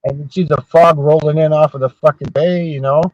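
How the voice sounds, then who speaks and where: A man's voice: a little high, fairly even intonation, a little fast, no echo. Profane older man spinning rambling stories. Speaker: podcast host. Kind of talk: casual storytelling chat. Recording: dull, dry sound.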